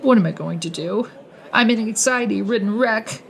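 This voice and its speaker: A woman narrating her own audiobook in first person, expressive and conversational. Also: normal speed, gravelly. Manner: expressive, swings pitch widely for dialogue.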